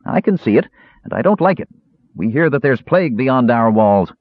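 A man voicing a stern, suspicious soldier sergeant who speaks gruffly. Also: medium pitch, sing-song, moderate pace, no echo, pitched above the performer's own voice. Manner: gruff, demanding. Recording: thin phone-like audio.

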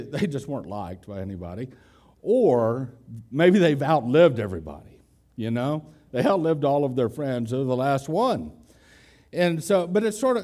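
A man preaching a conversational expository sermon, putting questions to his listeners and slowing down to stress key words. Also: medium pitch, mellow. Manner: conversational, asks the congregation questions. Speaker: pastor.

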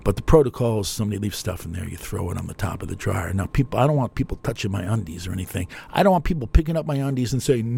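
A man's voice: on the low side, expressive, fast, gravelly, few pauses, dark tone, husky. An older man with a New Jersey accent, telling a long, digressive story in a chatty, self-mocking way as a radio host. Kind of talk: rambling storytelling monologue.

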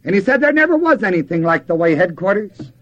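A man's voice: sits high, very animated, fast talker, a bit bright. An older man preaching a sermon in a folksy way, asking the audience questions and answering them himself. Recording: dull lo-fi old tape.

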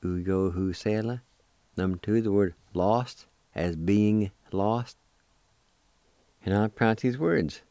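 A man hosting a radio language lesson, who sounds out words slowly syllable by syllable and patiently encourages listeners to practice. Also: lowish voice, warm tone, no room sound. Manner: slow, careful syllable-by-syllable pronunciation.

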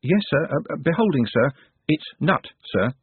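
A man's voice: fairly high pitch, big pitch swings, moderate pace, husky, dry recording, pitched above the performer's own voice, full character voice. A man voicing a humble, mild young male apprentice who keeps saying sir. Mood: meek. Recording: tinny phone-like dry sound.

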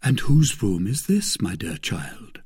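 A man voicing a self-assured young Gascon gentleman, confident and gallant. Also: on the low side, huge pitch swings, slow pace, husky, heavily acted. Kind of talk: audiobook character voice.

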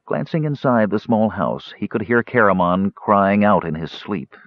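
A man narrating a fantasy audiobook in a varied, expressive storytelling manner. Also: lowish voice, normal speed, no room sound. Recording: dull dry studio recording.

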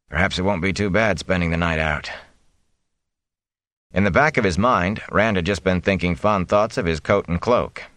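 A man reading an audiobook in a steady, measured storytelling manner. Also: low-pitched, dry recording. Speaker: audiobook reader. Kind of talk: audiobook narration.

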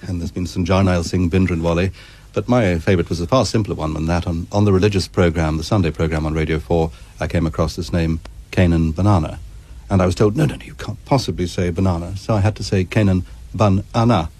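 An older British man, a newsreader, speaking in a measured, precise way, reading news and poetry. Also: low voice, fairly even intonation, darkish tone. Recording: archive radio, dry studio.

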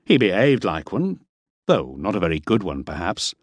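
Brief: male narrator doing a nervous hired guide, deferential but indignant, lowish and lively. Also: normal speed, no echo. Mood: respectful indignation. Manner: respectful, indignant, a bit defensive.

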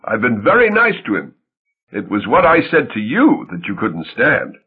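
A man's voice: mid-range voice, huge pitch swings, moderate pace, breathy edge. A man putting on a scornful young wife. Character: sharp young woman, wife leaving her husband. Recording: tinny phone-like audiobook sound.

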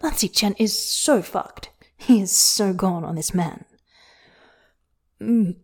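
A woman narrating a fanfiction story aloud in an intimate, soft and often whispery way. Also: mid-range voice, lively intonation, unhurried, breathy edge. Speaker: podfic reader.

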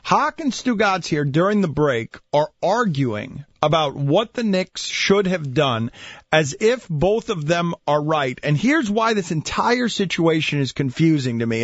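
A man's voice: fairly high pitch, no echo. A man hosting a sports talk radio show, arguing his points emphatically and throwing questions at his co-hosts. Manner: emphatic, questioning, restarts mid-thought. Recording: dull dry studio sound.

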